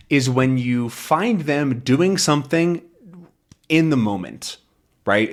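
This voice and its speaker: Animated male English teacher. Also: medium pitch. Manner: patient, explains words with everyday examples; animated voice, jumps into acted quotes. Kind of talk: language lesson explaining a comic.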